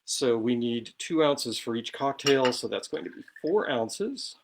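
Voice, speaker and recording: A man's voice: medium pitch, lively intonation, measured pace, gravelly, noisy background. A man hosting a casual cocktail show from his home bar, chatty and self-deprecating as he talks through each step while mixing.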